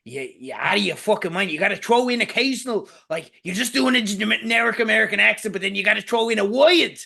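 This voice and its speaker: A man hosting a casual film podcast, excitable, swearing and laughing often. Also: sits high, quick pace, vocal fry. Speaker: podcast host.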